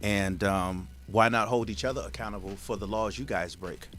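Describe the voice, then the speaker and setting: A man from the United States hosting a casual radio talk show, talking in an animated, emphatic way with frequent restarts. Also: fairly low pitch, moderate pace, faint music behind.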